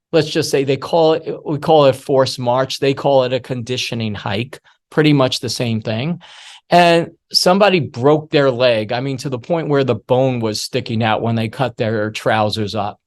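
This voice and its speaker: A middle-aged man giving a workshop masterclass on security awareness, telling stories in a lively way and acting out the voices he quotes. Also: medium pitch, moderate pace.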